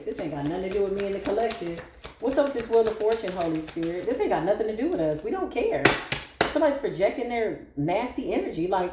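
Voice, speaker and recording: A woman giving a casual tarot reading to viewers, animated, blunt and sassy, swearing freely. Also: mid-range voice, a little hiss or hum. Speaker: tarot reader. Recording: echoey room.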